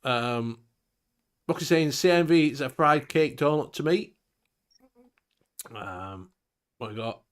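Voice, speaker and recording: A man's voice: fairly high pitch, slow, pauses often, clean tone. A man, hosting a casual live-stream chat, reading out viewer comments, laughing often and swearing casually. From England.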